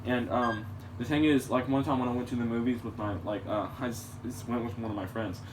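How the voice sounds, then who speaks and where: A man's voice: mid-range voice, steady tone, brisk. Man, rambling crude storytelling, distant mic, noisy background. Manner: rambling, crude and full of restarts. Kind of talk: casual storytelling chat.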